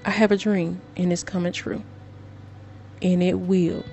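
A woman's voice: lowish voice, level tone, measured pace, vocal fry, dark tone, slight background noise. Emotional woman podcast host. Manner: emotional, preachy, talks straight to listeners. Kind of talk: casual monologue.

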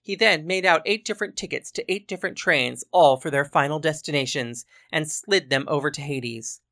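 Woman storyteller, wry narration, bright and low-pitched. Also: normal speed.

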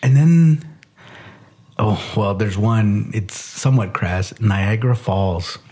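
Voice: mid-range voice, slow pace, dark tone, husky. A podcast co-host in casual chat, hesitant and full of restarts, laughing often.

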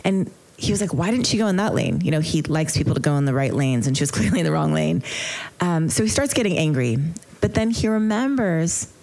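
Lecturing at a mindfulness retreat she leads, a woman speaks in a low, expressive voice at a fairly quick pace. Her storytelling is earnest and reflective, with soft hesitations.

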